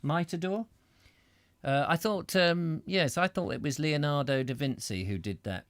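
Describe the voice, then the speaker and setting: A man's voice: on the high side, moderate pace, clean tone. A middle-aged Englishman hosting a live reading, breaking off into rambling, self-interrupting chat about the text and viewers' comments. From Britain. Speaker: reader and host.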